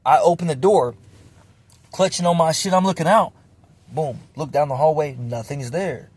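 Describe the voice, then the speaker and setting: A man's voice: a little high, normal speed, breathy edge. A man telling his own story in a raw, confessional way, cursing heavily and repeating himself as he rambles. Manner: emotional, heavy cursing, rambling and repetitive.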